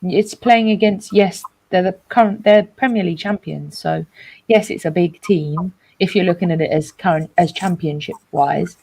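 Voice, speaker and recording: Rambling, jokey woman, mellow voice. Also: lowish voice, normal speed, creaky, husky. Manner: rambling, jokey, lots of restarts. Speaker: co-host of a football reaction show. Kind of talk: casual football chat.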